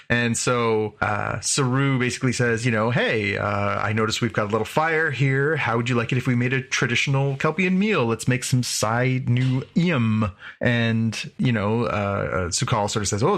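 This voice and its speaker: A man's voice: on the low side, vocal fry, a bit bright. Rambling man recapping an episode. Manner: rambling, many "you know" fillers, paraphrases characters' lines. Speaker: podcast host.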